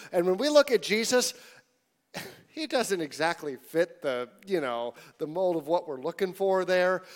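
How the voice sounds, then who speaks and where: A man preaching a sermon in a conversational, animated way, sometimes dropping to hushed tones. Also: sits high. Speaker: pastor.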